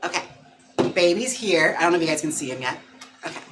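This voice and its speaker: A man's voice: lively intonation, quick pace, background noise. A man chatting casually and playfully on a livestream from home, laughing often and cooing at his dog. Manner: coos and coaxes his dog in a higher voice. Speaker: livestream host.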